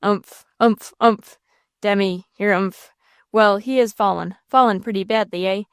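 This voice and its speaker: A woman's voice: medium pitch, steady tone, unhurried, clear, resonant tone, no echo, clean studio sound, close to an everyday voice. A woman voicing a hot-tempered old man in an audiobook, scolding and blustering. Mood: scornful.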